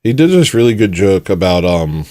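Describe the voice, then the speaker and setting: A man's voice: low-pitched, big pitch swings, normal speed, a little mellow, no echo, clean studio sound. A man hosting a livestream, talking bluntly and rambling in a self-mocking way. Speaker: livestream host. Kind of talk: casual livestream rant.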